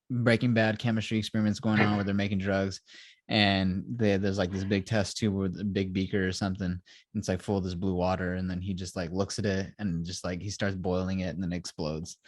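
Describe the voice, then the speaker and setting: A deep, darkish male voice comes through in studio quality with no echo. The speaker, a podcast co-host, rambles casually through scenes in a review chat, acting out quotes with "he's like" and frequently laughing.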